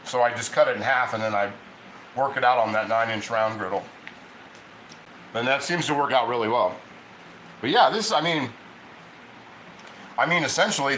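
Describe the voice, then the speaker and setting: A man's voice: mid-range voice, pushed and bright, roomy sound, slight background noise, poor audio. A man from Ohio hosting a casual cooking livestream from his home kitchen, rambling and chatting with viewers as he reads their comments.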